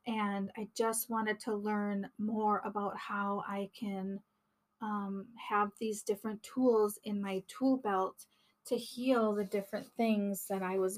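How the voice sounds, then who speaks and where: A woman speaks slowly and earnestly, sharing a personal story as a podcast host. Her pitch stays fairly flat and even, and she often pauses or restarts as she reflects.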